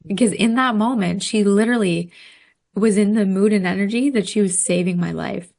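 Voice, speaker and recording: A woman telling a story in casual podcast chat, animated, laughing often and using many fillers. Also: mid-range voice, brisk, creaky. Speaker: podcast guest.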